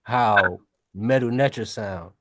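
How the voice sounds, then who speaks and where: A man's voice: on the low side, slow pace, a bit bright, dry recording, studio quality. A man in a casual discussion, speaking directly and asking questions.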